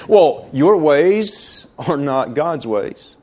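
A male pastor preaching a sermon, building through emphatic rhetorical questions and slowing down to stretch key phrases. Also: mid-range voice, expressive, a little mellow.

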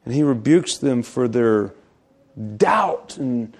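A man preaching a sermon, reading scripture aloud and explaining it, slowing down to stress key words. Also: mid-range voice, animated. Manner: reads scripture aloud, then explains it with emphasis. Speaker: pastor.

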